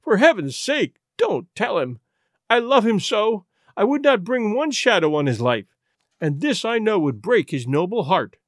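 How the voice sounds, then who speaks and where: A man's voice: on the high side, big pitch swings, moderate pace, few pauses, dry recording, clean studio sound. A man reading an audiobook, voicing a distraught, proud young aristocratic wife in an imploring, emotional way. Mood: pleading.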